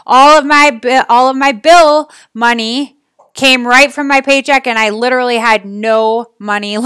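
High bright energetic woman. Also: smooth, no room sound, studio quality. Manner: energetic, exclaiming, chatty with listeners. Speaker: podcast host and business coach. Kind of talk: motivational talk.

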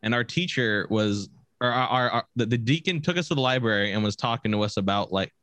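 A man's voice: medium pitch, lively intonation, brisk, a bit bright, no room sound. A young man casually telling a rambling, profane story with many restarts and bursts of laughter. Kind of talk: casual chat.

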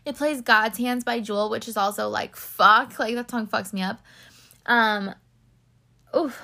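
A woman's voice: fairly high pitch, a little slow, vocal fry, bright, forceful tone. A young woman chatting casually through a TV recap, rambling with lots of fillers and getting teary. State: tearful. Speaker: podcast host recapping a TV series. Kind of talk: casual chat.

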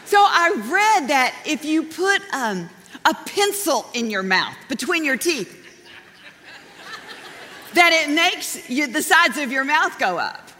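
A middle-aged woman pastor preaching a sermon, telling personal stories in an animated way and laughing often. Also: high-pitched, slow, slight background noise. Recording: long reverb of a large hall.

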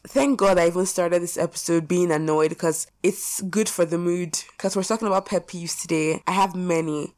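A woman's voice: fairly low pitch, a little mellow. A young woman hosting a podcast, ranting casually about her pet peeves in a blunt, profane, exasperated way. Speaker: podcast host. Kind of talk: casual rant.

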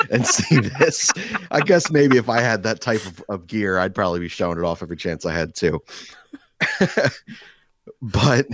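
A man hosting a podcast, telling a crude comic story in an animated, rambling way with many fillers, seated across from his co-host. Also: lowish voice, no room sound. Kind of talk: casual comedic storytelling.

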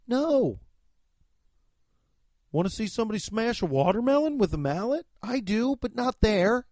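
Profane, hyped-up comedian reading ads. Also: male voice, sits high, sing-song, a little slow, darkish tone, dry recording. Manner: profane, over-the-top hype with sudden swings. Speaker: podcast host reading sponsor ads. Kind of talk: comedic ad reads.

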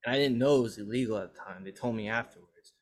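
Young man, podcast host, casual storytelling, rambling, swears a lot, mid-pitched voice. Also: quick pace. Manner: rambling, profane, animated retelling.

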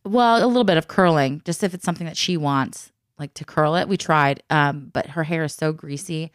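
A woman's voice: low-pitched, fairly quick, smooth, no echo, clean studio sound. A woman in casual chat who tells stories at length, laughs often and acts out the people she quotes.

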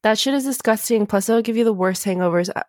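A woman's voice: mid-range voice, fast, a little mellow, no room sound, clean studio sound. A young adult woman co-hosting a podcast in casual chat, blunt and emphatic with a lot of swearing. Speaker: podcast co-host.

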